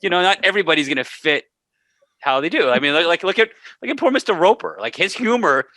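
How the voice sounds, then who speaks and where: Lively laughing male podcast co-host. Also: sits high, fast, no echo. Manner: animated, laughs often, joking. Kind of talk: casual banter.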